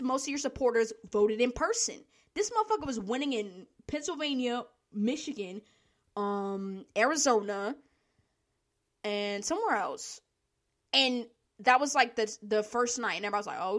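A woman podcast host with a slightly high voice holds forth in a casual political rant. She talks bluntly and profanely, with heavy slang and open exasperation.

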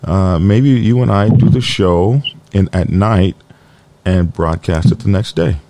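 A man's voice: low voice, lively intonation, a little slow, gravelly, mellow. A man hosting a casual biker news live stream, rambling and joking while dealing with his dog and computer trouble. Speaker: biker news show host.

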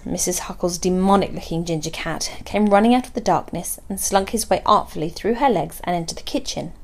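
Brief: woman narrator, even first-person storytelling, middle pitch. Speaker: audiobook narrator.

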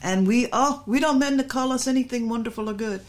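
A woman's voice: a little high, a little fast. A middle-aged woman preacher teaching a sermon, emphatic and repetitive, drawing out her stresses.

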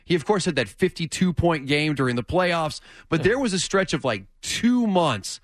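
A man hosting sports radio, talking in an animated, rambling way. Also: on the high side, normal speed, no room sound. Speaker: radio host.

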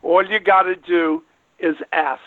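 A man's voice: sits high, fairly even intonation, unhurried, a crowd in the background. A man in his late seventies hosting a call-in radio show, rambling and emphatic, repeating himself for effect. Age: 70s. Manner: rambling, folksy, emphatic with repetitions. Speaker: radio show host and veterinarian. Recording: tinny phone-line audio.

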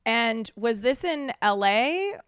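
Smooth-voiced woman host, dry sound. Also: on the high side, animated, slow, fairly bright tone, dry recording. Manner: sympathetic, conversational questioner. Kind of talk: casual interview.

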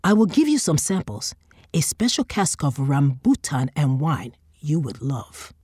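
A woman's voice: low-pitched, sing-song, measured pace, darkish tone, husky, no room sound, clean studio sound, exaggerated voice. A woman voicing a pushy market trader with an eager sales patter. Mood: coaxing.

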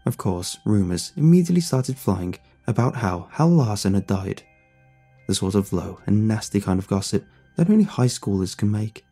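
Male narrator, husky, mellow, lively pitch, faint music underneath. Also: normal speed. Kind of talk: first-person story narration.

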